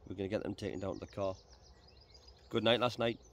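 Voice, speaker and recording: A man's voice: on the low side, fast. Chatty man fishing outdoors. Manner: chatty, relaxed, repeats words. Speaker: angler and channel host. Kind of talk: casual outdoor vlog chat. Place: outdoors by a reservoir. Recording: faint outdoor noise. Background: birds and rural ambience.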